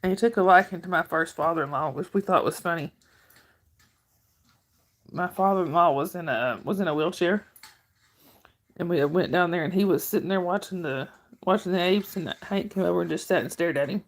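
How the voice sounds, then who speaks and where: A woman's voice: on the low side, moderate pace, long pauses. A middle-aged woman hosting a casual livestream, chatting with viewers, reading their comments aloud and cooing at her dog.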